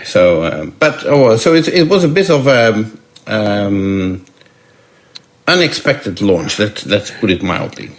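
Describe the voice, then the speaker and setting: Guy with a lowish voice co-hosting a pinball podcast, jumps in to steer the talk. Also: big pitch swings, takes it slowly. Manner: interjecting, steering the conversation. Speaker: pinball magazine podcast co-host. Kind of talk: casual podcast chat.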